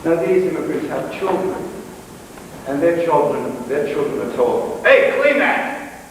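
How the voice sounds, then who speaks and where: A man with a Brooklyn accent performing a poetic one-man stage show, telling stories with animated delivery, recorded from far off in a theater. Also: on the high side, normal speed. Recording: distant echoey hall, noisy.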